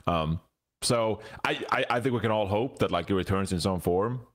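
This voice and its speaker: A man's voice: fairly low pitch, normal speed. A man hosting a casual esports podcast, talking with many ums and restarts. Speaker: podcast host. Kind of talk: casual esports panel chat.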